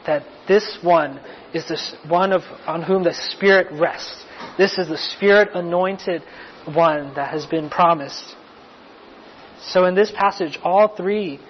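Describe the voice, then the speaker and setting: In a muffled lo-fi recording, a pastor with a slightly high voice and a faint hiss or hum teaches from a sermon passage. He explains it conversationally, restarting sentences and adding light asides.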